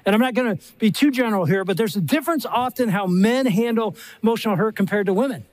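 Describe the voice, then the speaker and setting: An older man preaching a sermon, telling stories with lively acted-out quotes. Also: high-pitched, quick pace, dry recording. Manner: animated storytelling with acted-out quotes. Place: live event stage.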